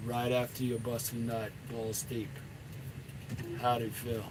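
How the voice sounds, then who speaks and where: A man's voice: mid-range voice, monotone, measured pace, pauses often. Profane middle-aged man ranting over traffic noise. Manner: profane, rambling, blunt. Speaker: dating coach. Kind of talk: unscripted coaching rant.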